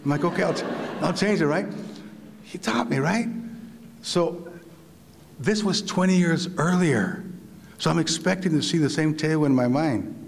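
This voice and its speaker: A middle-aged man telling a story to an audience, animated and laughing, acting out other people's voices. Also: on the high side, normal speed, creaky, long pauses, a little hiss or hum. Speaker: visiting writer giving a talk. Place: large hall. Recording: long hall reverb.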